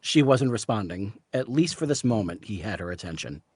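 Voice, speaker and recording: A man reading the narration of a story aloud at a live reading, in a steady storytelling manner. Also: fairly low pitch, a little fast, slightly rough, no room sound. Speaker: reader, narrator.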